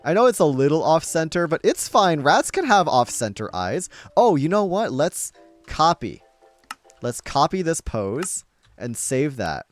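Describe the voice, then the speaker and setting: Man, live-stream chat, chatty, slightly high voice, animated delivery. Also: measured pace, soft background music. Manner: chatty and upbeat, laughs often, talks to viewers. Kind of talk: casual live-stream chat while playing.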